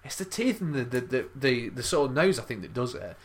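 A man's voice: mid-range voice, animated, brisk. A young man co-hosting a podcast, rambling through crude comedic banter and laughing often. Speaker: podcast co-host.

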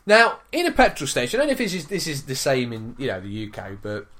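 A man telling a road-rage story in casual chat, swearing and acting out his own shouting. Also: medium pitch, wildly swooping pitch, fast. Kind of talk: casual chat, animated anecdote.

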